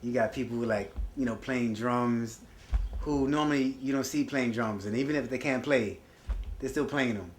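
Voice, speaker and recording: A man's voice: mid-range voice, normal speed, roomy sound, a little hiss or hum. A man telling stories in an interview, laid-back and emphatic. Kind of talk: reflective storytelling.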